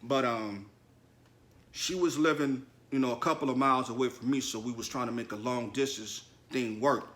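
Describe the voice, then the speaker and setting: This podcast host speaks at a moderate pace in a mid-range, fairly bright voice. He tells a personal story bluntly and confessionally, full of slang, addressing his listeners directly.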